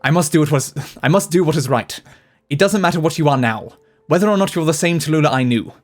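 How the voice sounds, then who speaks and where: A man's voice: on the high side, animated, quick pace, lightly acted. A man voicing a determined young woman officer with an earnest, resolute delivery.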